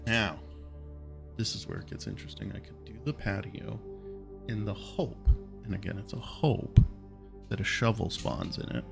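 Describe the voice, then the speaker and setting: A man's voice: fairly low pitch, sing-song, moderate pace, creaky, music in the background. A man giving casual gameplay commentary, thinking aloud and often muttering questions to himself. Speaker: let's play gamer.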